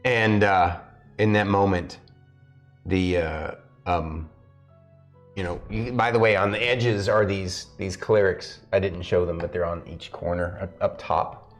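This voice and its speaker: A man narrating as game master for a tabletop game, halting with many restarts. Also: sits low, fairly even intonation. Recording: faint background music.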